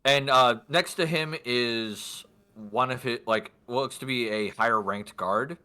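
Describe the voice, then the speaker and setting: A man's voice: mid-range voice, slow pace, bright, forceful tone. A man narrating a tabletop game as game master in a casual, rambling way, muttering to himself at times.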